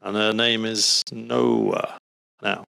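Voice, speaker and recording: A man speaking as a podcast guest, talking earnestly in casual conversation and often trailing off softly. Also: fairly low pitch, very animated, slow pace, creaky, dry recording. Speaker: doctor.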